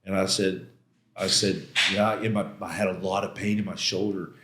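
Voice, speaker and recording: A man's voice: deep voice, fairly even intonation, normal speed, noisy background. A man being interviewed as a podcast guest, telling a personal story in a casual, slangy, emphatic way and acting out his own past outbursts. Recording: roomy echo.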